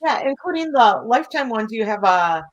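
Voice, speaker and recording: Woman cohost, kinda high voice, friendly chatty interview, lots of ums. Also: sing-song, brisk, highs cut off. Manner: friendly, laughs often, filler-heavy. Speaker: podcast co-host. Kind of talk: casual interview chat.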